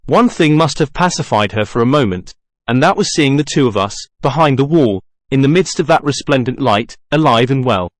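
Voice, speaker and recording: A man narrating a classic novel aloud in a dramatic, expressive style. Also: mid-range voice, moderate pace, dry recording, studio quality. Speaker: audiobook reader.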